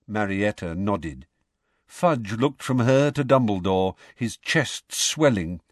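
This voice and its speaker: A man reading a storybook aloud in an expressive, measured way. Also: on the low side, no echo, studio quality. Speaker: audiobook reader. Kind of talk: storybook narration.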